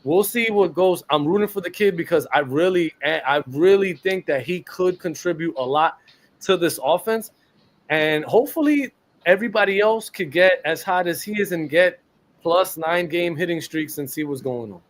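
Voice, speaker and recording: Fired-up, profane New sports ranter. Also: male voice, on the high side, normal speed. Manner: blunt, profane, animated. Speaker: podcast co-host. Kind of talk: heated sports rant.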